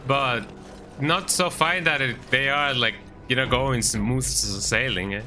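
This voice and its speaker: Streaming a video game, a man with a medium-pitched, pushed, bright voice gives casual, rambling commentary at a measured pace, often tagging lines with "eh." Faint music plays behind him.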